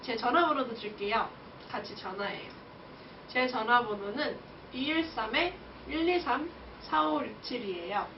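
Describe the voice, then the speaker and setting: A woman's voice: a little high, very fast, slight background noise, natural voice. A woman voicing a cheerful teenage tenth-grade student giving a chatty self-introduction. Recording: distant, echoey, muffled lo-fi audio.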